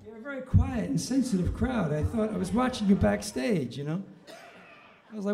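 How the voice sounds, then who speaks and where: A man's voice: sits high, expressive, normal speed, creaky, warm tone. A man doing stand-up comedy on a live stage at the piano, telling a rambling, mock-dramatic story and slipping into voices. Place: live stage before an audience. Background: piano playing.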